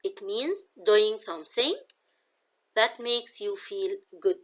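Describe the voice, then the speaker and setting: A woman's voice: mid-range voice, slow, a bit bright, muffled recording. A woman with an Egyptian accent teaching a classroom English vocabulary lesson. She explains words in English and glosses some of them in Arabic.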